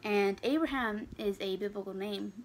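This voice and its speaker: A woman's voice: medium pitch, normal speed, slight background noise. A young adult woman chatting casually to her channel in her bedroom, out of breath and rambling from one aside to the next. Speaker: vlogger. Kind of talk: casual chat to camera.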